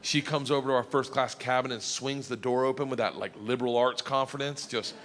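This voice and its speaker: A male comedian telling a story on stage, loud and animated, laughing through it. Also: medium pitch, fairly quick. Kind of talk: stand-up storytelling. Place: theater stage. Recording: live hall with faint crowd noise. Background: faint audience.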